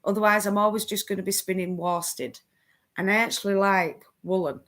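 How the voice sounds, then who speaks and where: A woman's voice: mid-range voice, fairly even intonation, normal speed, a bit bright. A woman hosting a casual crafting live stream, chatting with viewers and laughing often.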